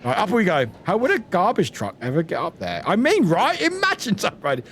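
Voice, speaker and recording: A young British man streaming a game live, excitable and full of laughs, yelps and swearing. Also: high voice, brisk, slight background noise.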